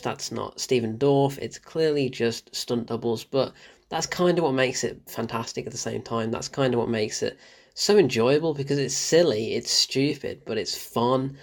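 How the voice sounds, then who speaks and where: Male film reviewer, casual and excitable, quick to laugh, says things twice for emphasis. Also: medium pitch, gravelly. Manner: excitable, laughs often, repeats himself for emphasis.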